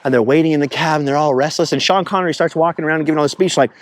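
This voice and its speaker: A man telling a rambling road-trip story in a casual vlog, animated and chatty, slipping into quotes and impressions along the way. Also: a little high, racing, slight background noise. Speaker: travel vlogger. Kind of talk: casual storytelling while driving.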